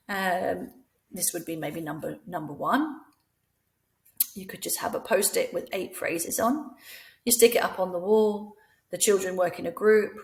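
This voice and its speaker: A woman's voice: lowish voice, creaky, low-quality recording. A woman training teachers, patiently explaining how to teach French phrases and modelling them aloud. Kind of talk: recorded training lesson.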